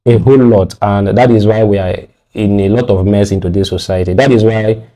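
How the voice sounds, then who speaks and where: A man's voice: fairly low pitch, steady tone, fairly quick, dark tone. A man with a Nigerian accent, a guest on a radio talk show, arguing his views firmly and repeating words when pressed.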